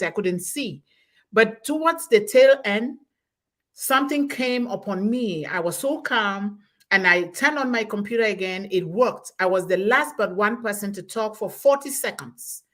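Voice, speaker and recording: A woman in her forties hosting a live online webinar, thanking people and reading out audience comments slowly and effusively over a computer mic. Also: medium pitch, fairly bright tone.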